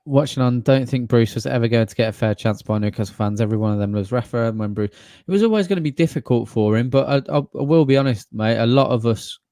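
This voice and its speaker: A man, co-hosting a live football watchalong, talking quickly and rambling. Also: mid-range voice, dark tone, no echo, clean studio sound. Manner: chatty, quick, rambling with restarts. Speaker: fan channel co-host. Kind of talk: live match watchalong chat.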